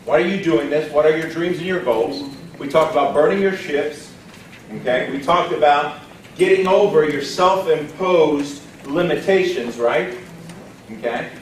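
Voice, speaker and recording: A man from Texas giving an energetic motivational training talk to a live audience, often putting questions to the room. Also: fairly high pitch, measured pace, a little hiss or hum. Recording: roomy echo from far off, faint ambience.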